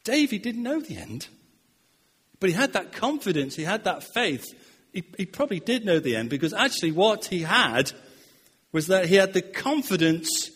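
Pastor guy preaching, fairly high voice, earnest, stumbles over words, big echo hall. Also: slightly rough. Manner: earnest, repeats words, voice swells and drops. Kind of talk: sermon. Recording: long hall reverb.

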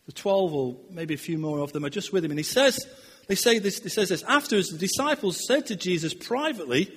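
A man preaching a sermon, earnest and repeating words, his voice rising and falling. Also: sits high. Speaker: pastor. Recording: long hall reverb.

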